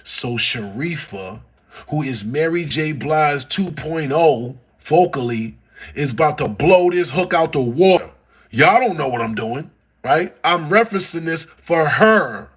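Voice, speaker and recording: A man from Texas telling stories casually to his livestream audience on a phone, dropping to low mutters and then rising into loud, excited bursts. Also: a little slow, husky. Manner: animated, swings between mumbling low and loud excited bursts. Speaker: livestream host.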